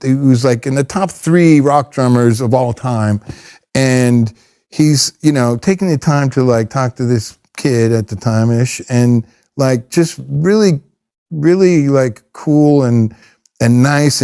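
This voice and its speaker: A middle-aged man, a professional drummer, telling casual anecdotes in an interview, rambling and animated with frequent restarts. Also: mid-range voice.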